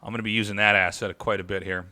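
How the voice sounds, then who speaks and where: Bright-voiced man hosting a stream. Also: lowish voice, flat delivery, racing. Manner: chatty, thanks subscribers, swears casually. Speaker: stream host and caster. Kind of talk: casual livestream hosting.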